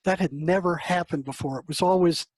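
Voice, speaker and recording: Husky higher-pitched older man telling a story. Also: brisk, no room sound, poor audio. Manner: casual, conversational, acts out quoted dialogue. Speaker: psychotherapist guest. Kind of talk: storytelling interview answer.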